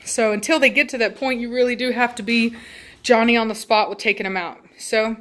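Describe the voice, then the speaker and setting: A dog-breeding vlogger, seated at home with her dogs, talks to viewers in a slightly high, fairly bright voice that moves fairly quickly with fairly even intonation. It's a rambling, filler-heavy home update, and she turns firm to scold the dogs.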